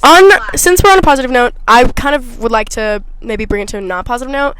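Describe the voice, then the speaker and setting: A woman's voice: a little high, a little fast, fairly bright tone, clean tone, poor audio. A young woman hosting a casual podcast from a car, hesitant, with lots of ums. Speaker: podcast host. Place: inside a car.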